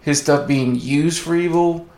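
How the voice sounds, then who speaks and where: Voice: medium pitch, a little slow, darkish tone. A co-host chatting casually, with frequent hesitant restarts. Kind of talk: casual chat. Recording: echoey room.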